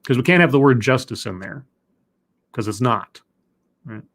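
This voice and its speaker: A man's voice: mid-range voice, animated, normal speed, a bit bright. A man reading an essay aloud on a live stream, stopping often to question it with dry, sardonic remarks.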